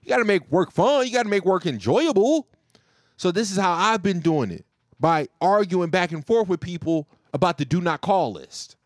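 A man telling a profane, joking story about his telemarketing job, animated and casual. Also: high voice, normal speed, no echo, studio quality.

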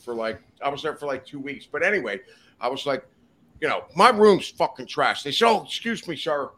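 A man's voice: medium pitch, big pitch swings, fairly quick, fairly bright tone. A man guest on a casual podcast, telling profane, rowdy anecdotes and acting out the quotes. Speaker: podcast guest, reptile breeder. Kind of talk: casual storytelling chat.

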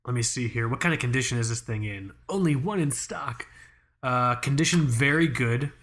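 Young man, podcast co-host, casual chat, animated, swears a lot, talking into a studio mic. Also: medium pitch, normal speed. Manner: animated, profane, joking. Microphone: studio microphone.

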